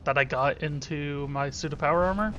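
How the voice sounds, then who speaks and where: A man's voice: on the high side, a little fast, pushed and bright, muffled recording, soft background music. Joking let's play man. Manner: joking, irreverent, talks to himself. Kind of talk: casual gameplay commentary.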